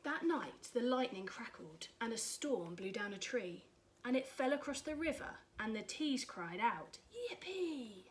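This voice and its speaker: Lady reading a rhyming kids book, fairly high voice, slow and sing-song. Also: a little hiss or hum. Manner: expressive, rhythmic. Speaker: storyteller.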